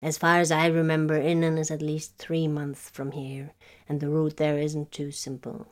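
A woman reader voicing a calm, formal male navigator with mechanical jaws, his voice set apart by a different tone. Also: low-pitched, moderate pace, natural voice. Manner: formal, deferential.

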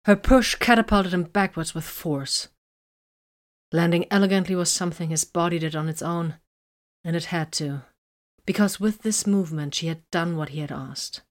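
Low-voiced lady reading a romance story, soft and breathy, almost whispering. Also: normal speed. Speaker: narrator. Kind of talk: audiobook reading of romantic fiction.

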